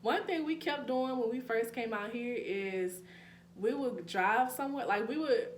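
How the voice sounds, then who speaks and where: Her voice a little high and unhurried, a young woman from New Orleans, Louisiana, vlogs casually for her viewers in a New Orleans accent. She laughs through asides and addresses them as y'all, and the room is echoey with a faint hum.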